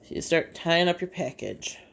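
A woman's voice: on the low side, expressive, normal speed, vocal fry. A woman with a Bay City, Michigan accent, an artist and teacher chatting casually as she demonstrates a craft in her home kitchen, thinking aloud as she works.

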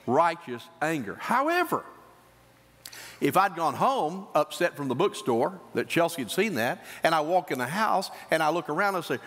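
A middle-aged man preaching a sermon as a pastor, telling stories with lively, acted-out quotes. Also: a little high, normal speed. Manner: animated storytelling preacher, acts out quoted voices. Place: church sanctuary. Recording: church hall reverb.

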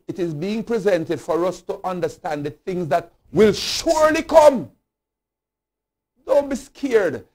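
A man from Jamaica leads a Bible study like a sermon, his fairly high voice moving at an unhurried, deliberate pace. He hammers on refrains, swelling to loud declarations before sinking back down low. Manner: emphatic, rising to loud declarations then dropping low; slow, deliberate preaching cadence with repeated refrains. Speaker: bishop teaching Bible study. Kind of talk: sermon-style Bible teaching.

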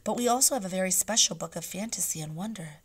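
A woman voicing a kind, wise male caliph in a read-aloud storybook, speaking in a hushed, courteous way. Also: medium pitch, quick pace, slightly rough, close to an everyday voice. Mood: warm. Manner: hushed, gentle, courteous speech.

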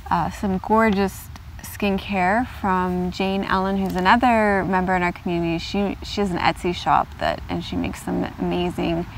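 A woman host chatting casually in her vlog as she unboxes gifts in a car, gushing and gasping with excitement. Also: mid-range voice, a little hiss or hum. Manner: gushing, excitable, gasps and squeals with delight. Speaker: yoga vlogger.

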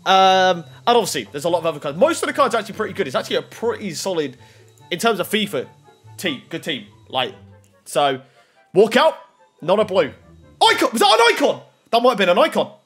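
A young man commentating his pack openings with a high, bouncy voice that swings all over. His tone is a bit husky, and he breaks into excited shouting at the big moments. Faint music plays underneath. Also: brisk. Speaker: gaming YouTuber.

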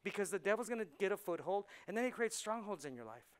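A man preaching a conversational sermon as pastor, swinging from soft asides to loud punchlines. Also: sits high, very animated, fast talker, smooth. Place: church sanctuary.

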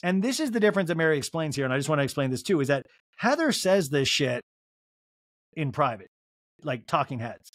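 A man hosting a podcast, giving an animated, comedic recap of a reality show and acting out every quote in voices. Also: on the high side, fairly quick, no echo, clean studio sound. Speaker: podcast host.

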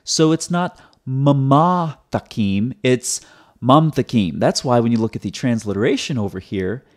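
A man's voice: mid-range voice, lively intonation, moderate pace. A man hosting his own video, giving a teaching commentary in a sarcastic, explanatory way and often repeating words as he restarts. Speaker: host.

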